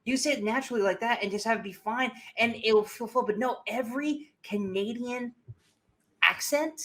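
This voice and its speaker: A man's voice: extremely high pitch, moderate pace. A man co-hosting a casual movie review podcast, ranting animatedly and swearing freely as he picks a film apart. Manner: animated, profane ranting with mocking asides. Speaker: podcast co-host.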